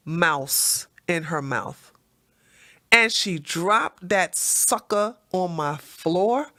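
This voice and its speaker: A woman at medium pitch runs a casual livestream. She reads out chat comments and spins animated stories, with plenty of laughter and repeated words.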